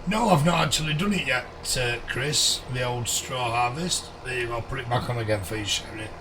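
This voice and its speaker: Bloke on a live game stream thanking chat, bit hoarse, mic far off w noise behind. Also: male voice, medium pitch, brisk. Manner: chummy, greets viewers by name.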